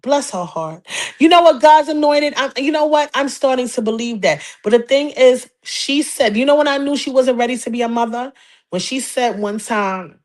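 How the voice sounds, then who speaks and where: A woman's voice: fairly high pitch, expressive, normal speed. A woman hosting a call-in gossip podcast, talking in a sassy, emphatic way and repeating her points. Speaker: podcast host. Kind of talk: casual gossip talk show.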